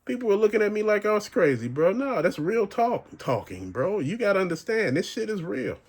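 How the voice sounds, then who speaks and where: Middle-aged male host, rambling storyteller with a cursing, slangy delivery and an animated, slightly high voice. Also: a little fast. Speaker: channel host. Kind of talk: casual rant.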